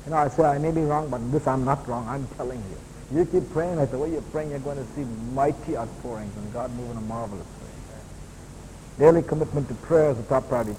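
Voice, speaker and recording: A man preaching a sermon as a pastor, building to loud emphatic peaks and then dropping to quieter, lower asides. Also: quick pace, a little hiss or hum. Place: church hall. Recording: long hall reverb, faint ambience.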